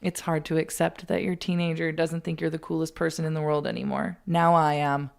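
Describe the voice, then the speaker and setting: A woman co-hosting a casual studio chat show, playful and quick to laugh. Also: low-pitched, flat delivery, gravelly. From Canada. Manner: giggly, playful, bursts into laughter. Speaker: co-host.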